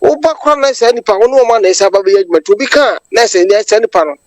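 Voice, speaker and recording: A woman's voice: a little high, racing, a little mellow, no echo, poor audio. A Ghanaian woman calling in to a radio show, delivering a long impassioned monologue that switches between English and Twi. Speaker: caller. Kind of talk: phone-in political commentary.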